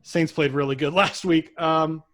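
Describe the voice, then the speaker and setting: A young man with a notably high voice co-hosts a casual sports podcast. He moves the talk along through game picks and laughs easily between points. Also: fairly even intonation, normal speed, fairly bright tone. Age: young adult. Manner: laughs often, runs the picks. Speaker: co-host.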